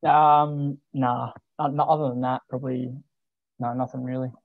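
Laid-back Australian teen, flat-voiced. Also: male voice, mid-range voice, moderate pace, gravelly, dry recording. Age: late teens. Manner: laid-back, many ums and restarts. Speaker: guest, junior footballer. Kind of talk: casual interview chat. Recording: dull lo-fi dry recording.

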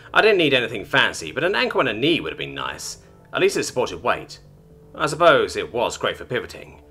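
Lively, bright-voiced male story narrator. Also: medium pitch, slightly rough.

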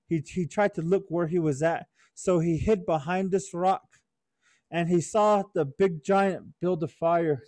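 A man tells a traditional story to children in a gentle, teacherly way, checking in often with his listeners. His voice is fairly high for a man. The sound is dry and close, with no room echo. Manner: gentle teacherly, often asks "right?" and "okay?". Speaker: storyteller for youth.

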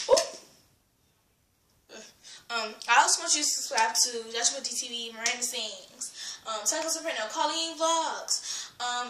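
A woman's voice: fairly high pitch, bright, forceful tone, slight background noise. A teenage girl ranting in a casual vlog, rambling with lots of fillers, giggling and dropping into whispers. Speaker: vlogger. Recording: echoey room.

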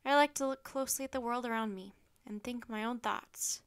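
A woman voicing a wise, calm Roman emperor, speaking in a slow, measured, stately way. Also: on the high side, clear, resonant tone, close to an everyday voice.

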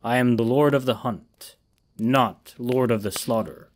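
Solemn fallen angel lord of the hunt, measured and grave, read by a male narrator. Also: medium pitch, lightly acted.

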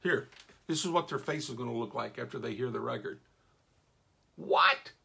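Gravelly man hosting a live stream. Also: medium pitch, fast talker. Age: middle-aged. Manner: folksy, enthusiastic, shout-outs to viewers. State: losing his voice. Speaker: radio host reading live comments. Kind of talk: casual live-stream chat.

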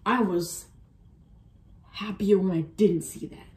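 A young person in their twenties reacting on camera at home, excitable and swearing freely, swinging between low mumbles and loud outbursts. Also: slow. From Arizona, USA. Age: 20s. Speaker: K-pop reaction YouTuber. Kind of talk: casual reaction vlog. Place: room at home. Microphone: phone camera.

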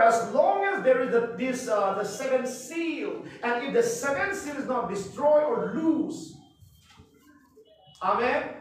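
A man with a very high-pitched voice gives a preachy Bible class lecture, reading verses slowly and dotting every point with amen and hallelujah. He is heard from across a very echoey classroom, with a faint hiss underneath. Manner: emphatic, peppers speech with amen and hallelujah; reads scripture verses slowly and deliberately. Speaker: Bible teacher and pastor. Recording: echoey room from far off, faint noise.

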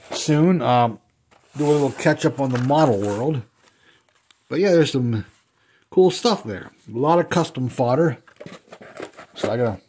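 A man in his fifties at home, talking through an unboxing of die-cast cars in a relaxed, rambling way, with plenty of ums and uhs. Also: medium pitch, a little hiss or hum. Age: 50s. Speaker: die-cast car collector and customizer. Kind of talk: casual unboxing vlog. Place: indoors at home.

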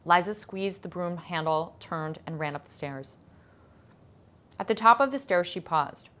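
A woman, the author, reading her children's novel aloud in an expressive storytelling voice. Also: on the low side, a little slow. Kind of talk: audiobook-style narration of a children's novel.

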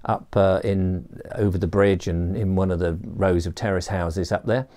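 A man's voice: low voice, fairly even intonation, moderate pace, dark tone, close to an everyday voice. A man voicing a friendly, helpful biker from Sussex who offers a stranger a place to stay. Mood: kindly. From Sussex, England.

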